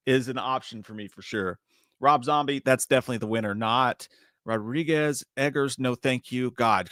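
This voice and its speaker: A man's voice: medium pitch, dry recording, clean studio sound. A man co-hosting a live movie podcast, chatting casually, swearing a lot and laughing often. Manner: profane, animated, laughs often. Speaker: podcast co-host.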